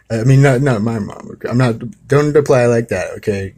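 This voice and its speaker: A man's voice: mid-range voice, mellow, a little hiss or hum. A man hosting a spiritual talk, telling a story in a casual, rambling way full of asides. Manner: rambling, with many asides of "you know" and "okay".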